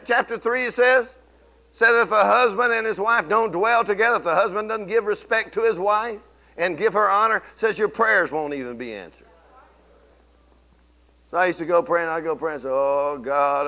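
A middle-aged pastor preaches with a bright, forceful edge to his slightly high voice. He tells homey stories in a conversational drawl, dropping to murmurs and then rising to ringing exclamations. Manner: folksy storytelling preacher, swings from low murmurs to loud exclamations. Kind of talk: sermon.

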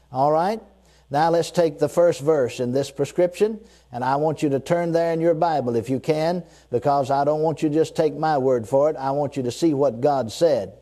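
Preaching with a slightly high, dark-toned voice, this man repeats key phrases, slows down when reading scripture, and has his listeners answer his declarations in call-and-response.

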